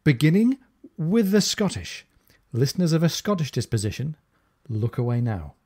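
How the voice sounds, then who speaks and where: A man's voice: a little high, sing-song, moderate pace, a little mellow. A man hosting a book discussion podcast, talking through funny passages with enthusiasm. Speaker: podcast host.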